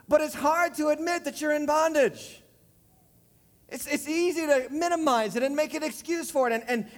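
A man preaching a sermon as pastor, emphatic, repeating key phrases and slowing down to drive points home. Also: very high voice. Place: church sanctuary. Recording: long reverb of a large hall.

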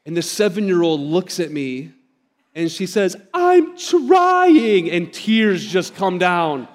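A man's voice: on the high side, unhurried, big-room sound. A man in his thirties, a pastor giving a sermon, telling stories in a conversational way and speaking directly to the congregation. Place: church sanctuary.

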